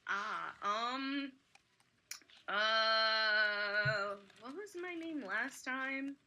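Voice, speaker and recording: A woman's voice: fairly high pitch, very slow, sharp tone. A woman playing in a tabletop game, speaking hesitantly and unsure. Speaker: player. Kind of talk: tabletop game role-play.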